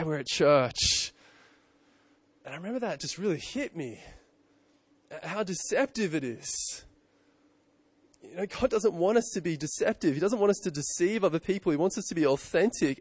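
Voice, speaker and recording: Pastor, a man in his 30s, preaching casually with repeated questions, slightly high voice, close and dry. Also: no echo. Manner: conversational, self-correcting, rhetorical questions. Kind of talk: sermon.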